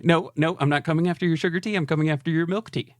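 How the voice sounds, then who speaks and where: A man's voice: on the high side, steady tone, racing, dry recording, clean studio sound. An American man co-hosting a podcast, talking in a rambling, hedging, self-deprecating way. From United States. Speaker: podcast co-host. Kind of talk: casual chat.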